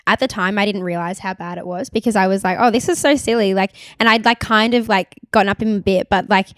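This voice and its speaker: A young woman with an Australian accent co-hosting a podcast, telling stories in a quick, animated, casual way. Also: mid-range voice, dry recording, clean studio sound. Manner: animated storytelling, quick, full of "like" and laughs. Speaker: podcast co-host. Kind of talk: casual chat.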